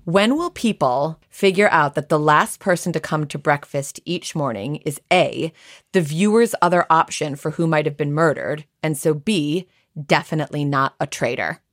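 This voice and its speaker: An American woman co-hosting a podcast in casual chat, animated and chatty, reading listener messages aloud. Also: sits low, moderate pace, dry recording, clean studio sound. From United States. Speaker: podcast co-host.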